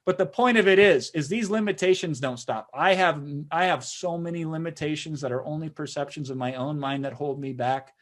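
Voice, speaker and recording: A man's voice: fairly high pitch, a little fast, hardly any pauses. A man hosting a sales webinar, talking persuasively in a conversational way and often tagging lines with "right?". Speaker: webinar host.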